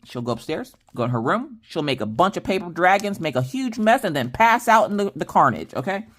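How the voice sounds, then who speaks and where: Animated low-voiced woman vlogger. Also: a little fast. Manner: animated, exasperated storytelling addressing viewers as y'all. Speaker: crafting vlog host. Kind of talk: casual chat vlog.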